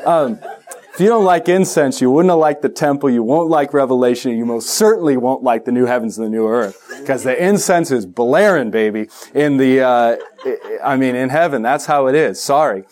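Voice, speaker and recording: Male pastor, sermon delivery, animated with humorous asides. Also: mid-range voice, normal speed. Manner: animated, joking asides, acts out quoted voices.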